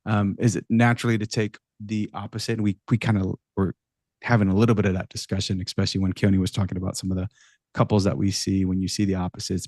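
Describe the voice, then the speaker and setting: A man hosting a radio talk show who steers the conversation with brisk questions. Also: fairly low pitch, darkish tone, no room sound, studio quality.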